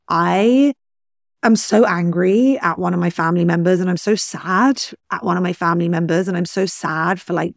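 Candid woman podcaster with a gravelly low voice. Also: dry recording, studio quality. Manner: frank and emotional, swears casually. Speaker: podcast host. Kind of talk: candid personal monologue.

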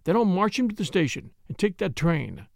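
A man voicing a hard male detective who talks low, hushed and clipped. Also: big pitch swings, moderate pace, creaky, dry recording, clean studio sound, exaggerated voice. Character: hard, exultant male detective, coolly in command. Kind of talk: audiobook character voice.

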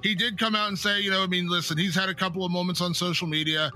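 A man's voice: high-pitched, fairly even intonation, fast talker, pushed and bright, soft background music. A man on a panel giving his pick in a blunt, dismissive way. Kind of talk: casual debate.

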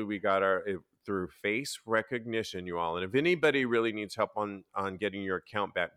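A man with a low-leaning, clean voice hosts a casual podcast chat, captured in a dry, studio-quality recording. He's an animated storyteller who acts out quotes and swears freely.

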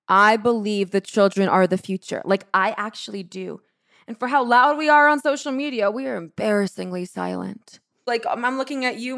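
A woman's voice: mid-range voice, a bit bright, no room sound, studio quality. A young woman in her twenties, a podcast host doing sassy, playful ad reads and a slangy monologue. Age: 20s.

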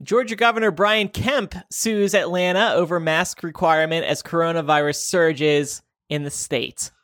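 Podcast co-host lady, lower voice, teasing, reads news out. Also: fairly even intonation, moderate pace. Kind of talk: reading headlines, podcast banter.

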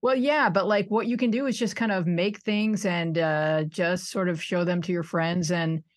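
A woman in her sixties from suburban Buffalo, New York, chats casually as a podcast guest in an interview, laughing often and poking fun at herself. Her pitch is fairly low, her tone steady, and her pace moderate.

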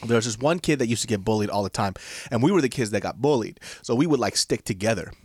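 Man, podcast host, lively up-and-down pitch, dry close mic, expressive, swears freely. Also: quick pace, breathy edge, dry recording. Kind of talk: casual storytelling chat.

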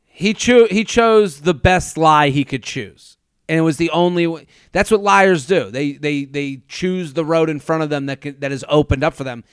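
A man with a smooth, resonant voice chats on a podcast, quick to restart his sentences and slip into impressions. The sound is close and dry, with no room around it. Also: on the high side, no echo. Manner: animated, stumbling restarts, mimics people in quick asides. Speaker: podcast co-host. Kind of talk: casual chat.

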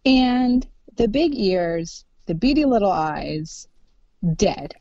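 A woman's voice: medium pitch, animated, takes it slowly, mellow. A woman in casual chat, gushing and laughing often, with many "like"s. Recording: dull, dry sound.

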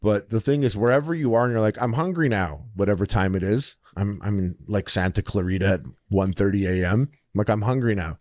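Podcast co-host, young man, animated anecdote teller with put-on voices, slightly low, close and dry. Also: a little fast, few pauses, dry recording. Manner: animated storyteller, acts out quoted people in shifting voices. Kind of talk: casual storytelling chat.

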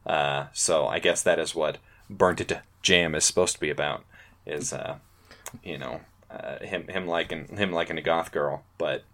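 A man with a very low voice hosts a casual podcast chat. He sounds laid-back and rambles, trailing off into fillers and restarts. He is in his thirties. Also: steady tone, moderate pace, fairly bright tone. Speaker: podcast host.

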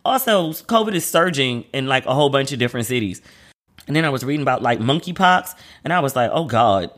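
A man's voice: mid-range voice, expressive, fast talker, a bit bright. A man hosting a casual solo podcast, chatty and slangy, who often acts out the voices of people he quotes. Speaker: podcast host.

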